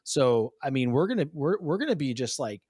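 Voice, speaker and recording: A man in his thirties hosts a podcast with an animated, chatty delivery, his voice at a middle pitch. The sound is dry and close, with no room around it. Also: brisk, husky, no echo. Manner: animated, chatty, calls guest "dude". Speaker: podcast host. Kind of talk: casual conversation.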